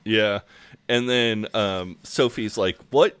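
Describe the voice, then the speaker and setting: Low-voiced man, dry close sound. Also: takes it slowly, clear, resonant tone, no echo. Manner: relaxed, many fillers, acts out quotes. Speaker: podcast co-host. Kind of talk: casual chat recapping a show.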